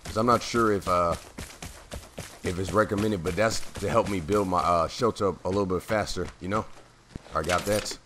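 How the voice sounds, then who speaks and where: A low-voiced man rambles through casual gameplay commentary, full of fillers and self-corrections. His voice keeps giving out, and he clears his throat now and then, over a faint hiss. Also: moderate pace, a bit bright.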